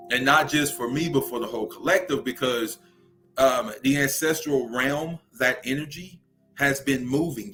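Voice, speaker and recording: A man's voice: mid-range voice, sharp tone. A young man from Louisiana with a Southern accent hosts a spiritual livestream talk in a preachy way, often asking "right?" to check in with his viewers.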